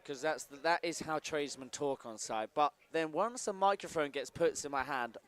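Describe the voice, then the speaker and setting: A man's voice: fairly high pitch, moderate pace, fairly bright tone. A man doing casual, jokey live-stream commentary at a sports event, bantering and laughing with his co-host.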